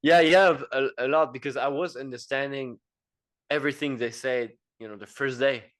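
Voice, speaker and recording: A man's voice: medium pitch, steady tone, normal speed, a bit bright. A French man in his thirties, a podcast guest speaking English with a French accent, rambling with many fillers and repeated words. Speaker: podcast guest, engineer and entrepreneur. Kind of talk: casual interview chat.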